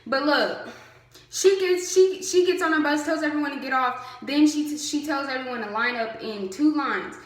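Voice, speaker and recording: A woman's voice: high voice, normal speed, a bit bright. A young adult woman vlogger telling a story casually to camera, chatty and full of fillers. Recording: roomy echo.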